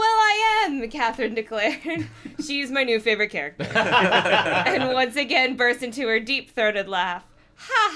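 A woman's voice: a little high, bright, forceful tone. A woman reading a children's horror book aloud on a comedy podcast, giggling and adding sarcastic asides.

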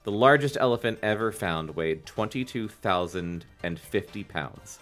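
A man's voice: fairly low pitch, lively intonation, normal speed, a bit bright, faint music behind. A man co-hosting a casual podcast, chatting and reading a book aloud, enthusiastic and fond of swearing. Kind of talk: casual chat and read-aloud.

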